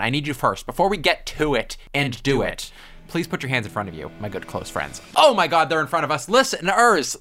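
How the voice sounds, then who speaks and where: A man's voice: medium pitch, sing-song, brisk, a bit bright. A young man hosting a comedy podcast, playful and theatrical, swinging between big mock-grand announcements and mumbled asides. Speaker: podcast host. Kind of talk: comedic casual chat.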